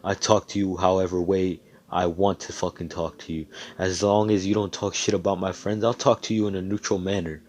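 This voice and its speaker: A man's voice: low voice, flat delivery, fairly quick, hardly any pauses, darkish tone. A man voicing a brash young male hero who talks bluntly and swears a lot, in a fan-made story told over voice chat. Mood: angry. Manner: blunt, profane, confrontational.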